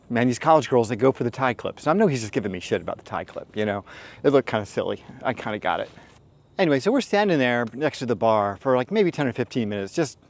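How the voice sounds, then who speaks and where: A middle-aged man giving dating advice as a host, telling stories in a casual, rambling way with frank, profane asides and many fillers. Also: fairly low pitch. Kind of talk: casual storytelling monologue.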